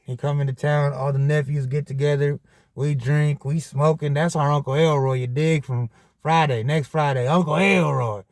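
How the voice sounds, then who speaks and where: A man hosting a podcast, telling a story in a casual monologue full of profane, animated street slang. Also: on the high side, moderate pace, no echo, clean studio sound. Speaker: podcast host.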